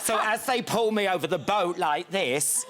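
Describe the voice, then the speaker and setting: A man's voice: high-pitched, moderate pace, a crowd in the background. Giggly English man telling stories. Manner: camp, giggly storyteller acting out other voices. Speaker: talk show guest. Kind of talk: comic anecdote.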